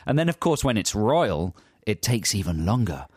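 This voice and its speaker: A man's voice: on the low side, very animated, normal speed, darkish tone, slightly rough, no room sound. Dry-sounding man telling a rambling story. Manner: rambling, self-mocking storyteller. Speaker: radio comedy co-host. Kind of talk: casual comedic chat.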